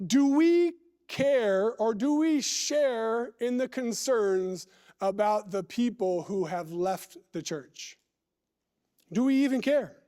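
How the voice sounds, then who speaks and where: A man preaching a sermon in a church. He reads scripture and talks deliberately, stretching words and putting questions to the listeners. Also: high voice, darkish tone.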